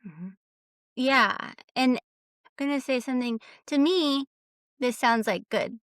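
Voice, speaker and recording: A woman's voice: high voice, takes it slowly, a bit bright, no room sound, studio quality. A woman talking as a guest coach on a podcast, earnest and emphatic, stacking repeated phrases as she makes her point. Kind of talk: casual podcast conversation.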